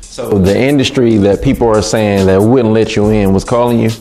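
Man, interviewer, low voice, short questions, music in the background. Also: fairly even intonation, moderate pace. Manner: brief responses and checking questions.

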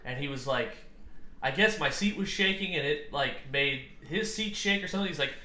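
A man's voice: on the high side, lively intonation, moderate pace, bright, forceful tone. A man co-hosting a podcast, chatting casually and rambling, often laughing at his own stories. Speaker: podcast co-host. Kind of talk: casual chat. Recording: echoey room, faint noise.

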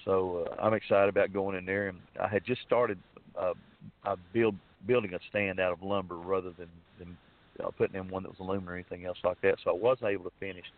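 A man's voice: low-pitched, steady tone, quick pace. A man from Arkansas with a Southern accent, telling a long hunting story in a rambling, folksy way with many fillers and restarts. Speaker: storyteller guest. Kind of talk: casual spoken storytelling. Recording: dry, phone-like narrow sound.

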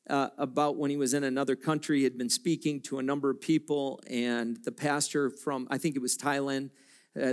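A male pastor preaching a sermon, direct and confrontational with listeners, building into impassioned shouts. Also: fairly high pitch.

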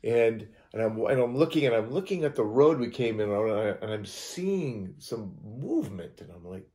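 A man's voice: medium pitch, expressive, moderate pace, mellow. A man from Utah telling a strange personal story as an interview guest, acting out sounds and quoted lines with frequent restarts. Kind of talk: animated storytelling.

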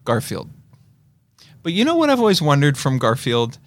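Guy cohosting a podcast, pretty high voice, super lively, always cracking jokes. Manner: chatty and joking, quick to laugh. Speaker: podcast co-host. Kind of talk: casual chat.

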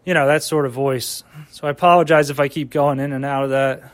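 A man's voice: mid-range voice, steady tone, a little fast. A man in his home kitchen, rambling profanely and talking to himself about comedy and his week. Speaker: vlogger and amateur stand-up comic. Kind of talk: rambling casual monologue.

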